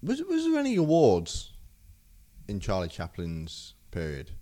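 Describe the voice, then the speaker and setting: A British co-host reacts and asks questions in a casual chat, often stumbling over his first words. His voice sits low but swings lively up and down. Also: a little slow. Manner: reacting and questioning, stammering restarts. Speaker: podcast co-host.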